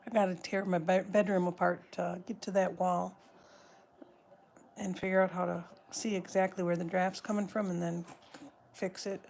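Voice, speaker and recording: A woman's voice: on the low side, flat delivery, normal speed, vocal fry, a little mellow, slight background noise. A woman hosting a casual live stream from home, rambling, breaking off mid-word and talking to her pets. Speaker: live-stream host chatting with viewers.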